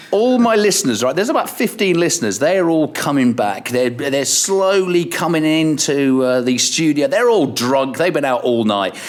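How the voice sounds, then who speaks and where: A middle-aged man, a radio presenter, telling stories in casual chat on a podcast, lively and laughing as he goes, his pitch jumping up when he gets excited. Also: moderate pace. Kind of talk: animated storytelling in casual chat.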